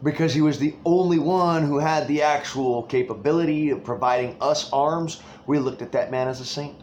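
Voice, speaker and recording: A man's voice: on the high side, moderate pace, darkish tone, a little hiss or hum. A man delivering an angry, rambling political rant full of swearing.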